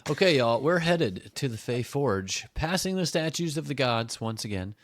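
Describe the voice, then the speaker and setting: A man's voice: mid-range voice, expressive, normal speed, no echo, studio quality. A man co-hosting a casual book podcast, playful and jokey. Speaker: podcast co-host.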